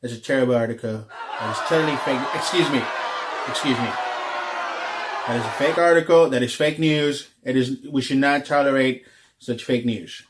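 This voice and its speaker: A man's voice: medium pitch, normal speed, very noisy, lightly acted. A man doing a comic impression of a pompous male politician who repeats himself as he rails at the press. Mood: blustering. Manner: repetitive, declaring things terrible and fake.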